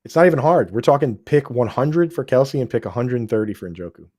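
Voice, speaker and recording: An excitable man talks through a casual fantasy football chat with a warm, mellow voice. He restarts his sentences a lot and throws in dude and bro. The sound is dry and close. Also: mid-range voice, a little fast, no room sound. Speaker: podcast host.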